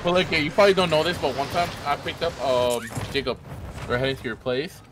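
A man's voice: fairly high pitch, fast. A young man in casual gaming chat who jokes, swears and laughs often. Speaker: streamer, game player. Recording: game crowd noise behind.

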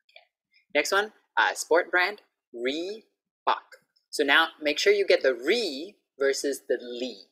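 Slow, husky woman teaching pronunciation. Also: deep voice, lively intonation, fairly bright tone. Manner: patient, repeats each word slowly and clearly. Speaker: English teacher. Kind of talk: online pronunciation lesson. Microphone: video call.

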